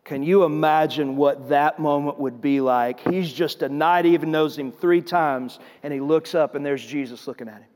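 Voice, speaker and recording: High-voiced male pastor in a reverberant church. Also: moderate pace, few pauses, a little mellow. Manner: conversational storytelling, acting out scripture scenes. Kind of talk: sermon. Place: church sanctuary.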